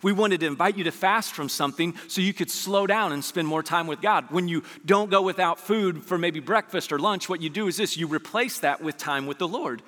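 Bright high-voiced pastor preaching in a hall. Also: male voice, brisk, few pauses. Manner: conversational preaching with rhetorical questions, swinging from loud to hushed. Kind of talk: sermon. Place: church sanctuary. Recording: long reverb of a large church hall.

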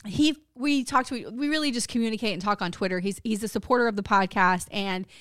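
A woman's voice: medium pitch, brisk, a bit bright, dry recording, studio quality. A middle-aged woman co-hosting a podcast, chatting casually and candidly, swearing freely. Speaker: podcast co-host. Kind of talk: casual chat.

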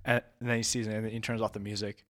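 A man's voice: lowish voice, level tone, quick pace, a bit bright, no echo, clean studio sound. A man running a comedy improv role-play as game master, rambling and laughing, with many restarts.

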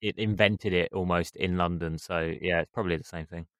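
A man co-hosting a football podcast, relaxed and rambling. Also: low-pitched, fairly quick, no echo, studio quality. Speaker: podcast co-host. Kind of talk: casual podcast chat.

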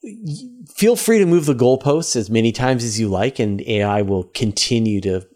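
A man co-hosting a casual podcast chat, talking in an animated, quick way and reading out thanks to supporters. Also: medium pitch. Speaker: podcast co-host. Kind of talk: casual chat and sponsor read-out.

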